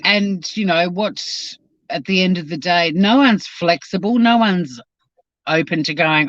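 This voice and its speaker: A woman's voice: lowish voice, measured pace. A sweary Australian woman chats bluntly as she drives and reacts to her live chat. The sound is muffled and lo-fi, with no room echo at all. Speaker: livestream host reading chat. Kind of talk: casual chat while driving. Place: car. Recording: dull, dry lo-fi sound.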